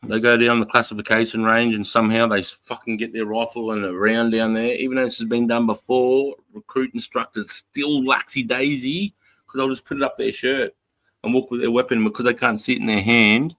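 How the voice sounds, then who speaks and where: A man's voice: medium pitch, little pitch movement, a little fast, a bit bright, dry recording. A middle-aged Australian man and former army instructor, telling stories in casual chat, swearing often and laughing. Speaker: podcast co-host, ex-army instructor.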